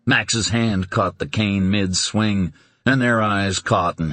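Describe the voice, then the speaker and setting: Slow, low-voiced male audiobook narrator. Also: fairly bright tone, no echo. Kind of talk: scripted narration of a suspense novel.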